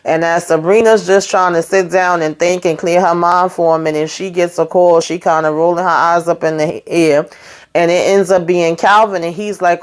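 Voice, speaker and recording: A woman's voice: fairly low pitch, steady tone, moderate pace, clean tone. A woman hosting a casual TV recap, chatty and slangy, talking straight to her viewers and acting out the characters' lines as she goes. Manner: acts out characters' lines while retelling. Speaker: YouTube host.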